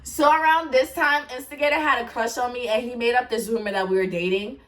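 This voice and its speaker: Laughing, animated woman telling stories. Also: fairly high pitch, brisk, far from the mic. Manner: animated, swears, laughs often. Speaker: storyteller vlogger. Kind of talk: casual storytime.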